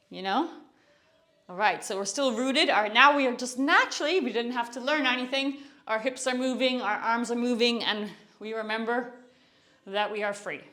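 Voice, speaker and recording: A young woman with a fairly high voice leads a relaxed movement class. She talks in an easy, encouraging way with soft laughs, a bit out of breath from moving as she goes. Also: moderate pace. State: a little out of breath while moving. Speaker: movement instructor. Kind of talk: guided movement tutorial.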